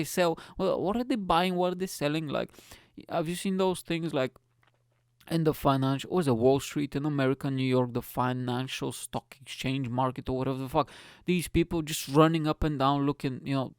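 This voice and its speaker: A man's voice: fairly high pitch, smooth, no echo, studio quality. A young man hosting a podcast, ranting in a rambling comic monologue, swearing and laughing at his own jokes. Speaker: podcast host.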